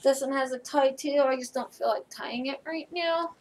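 A woman's voice: high voice, normal speed, slight background noise. A young adult woman chatting casually in a try-on vlog, tired and a little rambling as she shows off her clothes. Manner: relaxed, rambling, thinking aloud. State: tired, yawning. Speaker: vlogger.

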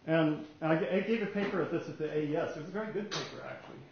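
A fairly high-voiced man in his sixties lectures in a halting, rambling way, breaking into wry asides. He is recorded in a heavily echoing lecture room. The sound is dull, with a faint hiss behind him. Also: creaky. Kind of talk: technical lecture. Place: lecture room at a society meeting.

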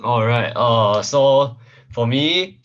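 A man's voice: medium pitch, expressive, slow pace, fairly bright tone, lo-fi sound. A young male student answering in class, hesitant and full of fillers. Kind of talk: classroom discussion.

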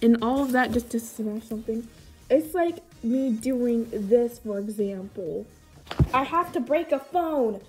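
A woman's voice: a little high, animated, a little slow, faint music behind. A woman casually reading aloud her own childhood book and adding amused, mocking, incredulous comments on it.

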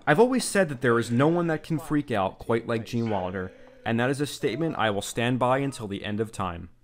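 A man's voice: mid-range voice, animated, fairly quick, noisy background. A man narrating a scripted video essay in an earnest, opinionated way. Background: background music.

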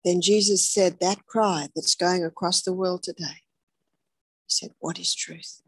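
A woman's voice: on the low side, steady tone, a little slow, breathy edge, dry recording. A woman preaching a sermon, telling the story dramatically, dropping to whispers and then rising with emphasis. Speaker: health speaker preaching.

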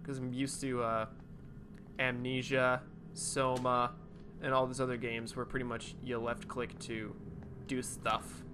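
A man giving casual, animated gameplay commentary from his home, jumpy and swearing freely. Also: mid-range voice, unhurried, background noise. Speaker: let's play host. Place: home room with a cat nearby.

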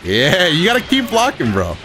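A man giving live commentary on his own fighting-game matches, excitable, swinging between muttering and shouting, his throat a bit rough. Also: high-pitched, normal speed, music in the background. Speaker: gaming YouTuber.

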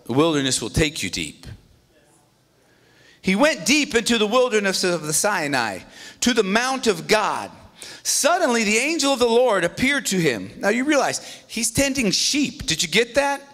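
A male pastor preaching a sermon in an animated, conversational way, with joking asides. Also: high-pitched, moderate pace.

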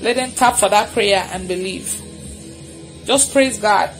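A woman's voice: medium pitch, unhurried, faint music behind. A woman leading a live deliverance prayer, repeating commanding declarations fervently and laughing between them. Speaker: prayer minister.

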